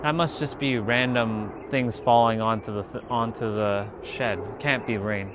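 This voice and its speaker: A man's voice: on the low side, fairly even intonation, moderate pace, noisy background. A man chatting on a casual livestream from outdoors in a yard, rambling and encouraging.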